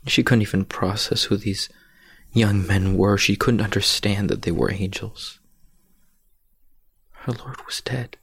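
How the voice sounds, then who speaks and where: A male preacher retelling a scripture story in a sermon, hushed and often dropping to a whisper for drama. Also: fairly low pitch, fairly even intonation, unhurried, creaky, long pauses, breathy edge, no echo.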